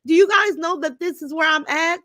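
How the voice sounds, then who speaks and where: An older woman, speaking in a high voice. She hosts a casual livestream, reading chat comments and answering them bluntly, heated and swearing freely. The sound is dry and close. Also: fairly quick, a bit bright, no room sound. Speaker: livestream host.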